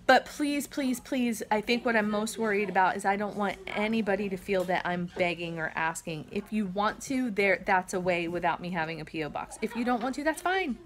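A woman's voice: mid-range voice, fairly quick, hardly any pauses. Earnest, shaky-voiced woman vlogging at home. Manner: earnest, rambling, many fillers and restarts. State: emotional, shaky. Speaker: vlog host. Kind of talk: casual heartfelt talk to camera. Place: family home with kids around.

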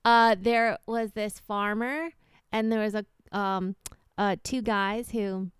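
A woman's voice: mid-range voice, fairly even intonation, slow pace, clear, resonant tone, dry recording, clean studio sound. A woman co-hosting a casual podcast, telling a long rambling joke and acting out the characters in it. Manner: rambling storyteller, acts out characters loudly. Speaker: podcast co-host.

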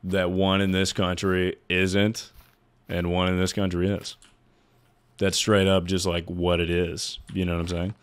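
A man's voice: low voice, completely flat delivery, measured pace, clean tone. A man streaming live, chatting casually with his viewers in a rambling, joking way with plenty of swearing. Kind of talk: casual livestream chat.

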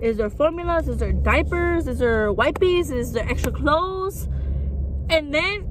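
A woman's voice: sits high, lively intonation, a little slow. A young woman, a vlogger and makeup artist, chatting candidly to camera, swearing freely and mixing into her English. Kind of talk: casual chat to camera. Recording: noisy traffic background.

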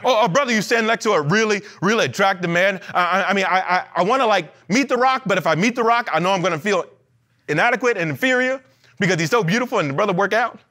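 A man preaching a sermon as pastor in a church, animated, with playful asides and acted-out quotes. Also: high voice, quick pace. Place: church sanctuary.

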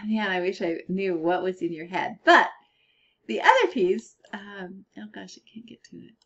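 A woman's voice: mid-range voice, lively intonation, a little slow, a bit bright, breathy edge, muffled recording. A middle-aged woman giving a casual spoken critique of colored pencil art, thinking aloud with fillers and restarts.

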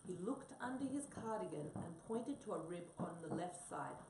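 A woman reading a children's storybook aloud in an animated way. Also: on the low side, moderate pace. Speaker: reader. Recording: distant echoey room with faint noise.

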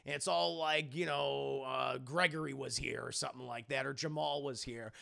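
A man's voice: medium pitch, moderate pace, gravelly. A man casually recapping a TV episode for his stream chat, rambling and swearing as he goes. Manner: rambling, profane, animated.

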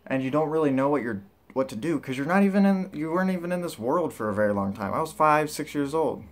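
A man's voice: fairly high pitch, expressive, quick pace. A man talking casually to camera as a vlogger, rambling and candid with lots of filler words. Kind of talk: casual vlog talk.

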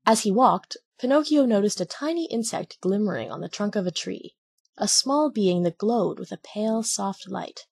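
A woman narrating a classic children's story with a steady, expressive reading. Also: medium pitch, normal speed, vocal fry, husky. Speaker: audiobook reader.

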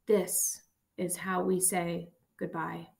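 A woman voicing a frail, dying old male professor who is gentle and loving, speaking in a thin, raspy, breathy whisper in slow short bursts between breaths, in an audiobook reading. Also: medium pitch. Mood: weak, tender. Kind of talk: audiobook narration.

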